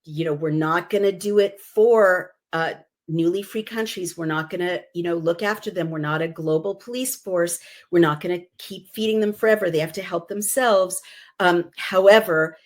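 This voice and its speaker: Middle-aged female commentator, lower register, reads a prepared essay and stops for eager asides. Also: moderate pace. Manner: enthusiastic asides with many fillers. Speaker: political commentator, former consultant. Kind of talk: reading an essay aloud with spoken asides.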